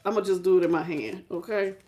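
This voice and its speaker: This tarot reader has a lowish, mellow voice and a moderate pace. She gives a casual live reading, addressing the viewer directly and saying hello to people in the chat.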